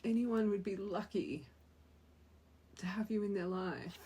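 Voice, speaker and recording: A young woman with a husky, slightly breathy voice gives a heartfelt tarot reading to her viewers. She talks earnestly and with feeling, repeating key phrases to drive them home. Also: mid-range voice, a little slow, mellow. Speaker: tarot reader.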